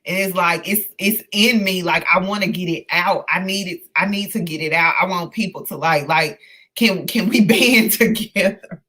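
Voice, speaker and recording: A woman hosting a live book discussion, earnest and emotional, talking in halting bursts full of fillers and restarts. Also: on the low side, sharp tone. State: emotional, close to tears. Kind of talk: casual live-stream discussion.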